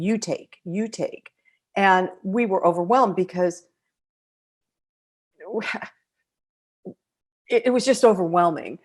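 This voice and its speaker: A middle-aged American woman hosting a podcast, telling a personal travel story in a reflective, emotional way with pauses. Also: mid-range voice. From United States. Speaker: podcast host.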